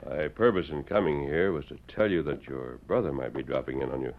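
The Lone Ranger, a booming deep masked hero. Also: male voice. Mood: commanding. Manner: firm, measured, commanding. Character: masked lawman hero, calm, commanding. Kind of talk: 1940s radio acting. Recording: dull old radio recording.

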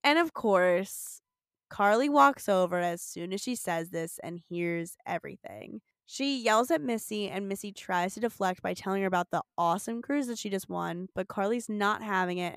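Smooth-voiced young woman recapping a show. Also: mid-range voice, no room sound, clean studio sound. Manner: swears, animated storytelling with acted quotes. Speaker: podcast co-host. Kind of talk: casual comedic episode recap.

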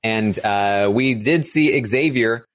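A man's voice: lowish voice, slow pace. A man co-hosting a casual live recap show, talking at length with many fillers and frequent laughs. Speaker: podcast co-host.

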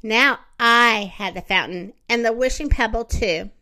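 A woman's voice: fairly high pitch, a little slow, bright, forceful tone. Woman reading storybook prankster, little long-nosed man, taunting, drawn out. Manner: taunting, mocking laughter.

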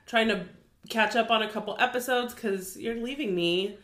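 A woman's voice: on the high side, moderate pace, a bit bright. A young woman with a Californian accent, chatting casually as a podcast co-host and saying "like" often. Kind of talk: casual chat.

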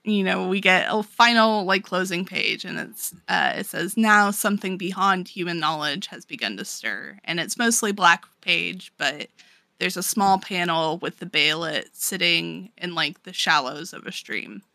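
A woman's voice: lowish voice, lively intonation, unhurried, vocal fry, pushed and bright, no echo. A woman co-hosting a podcast, recapping a story in casual chat, swearing freely and saying "like" often. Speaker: podcast co-host.

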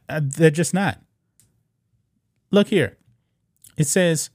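A man's voice: on the high side, a little mellow, no room sound, clean studio sound. A man hosting a casual commentary video, reading an article aloud and reacting with disbelief, rambling with fillers and restarts.

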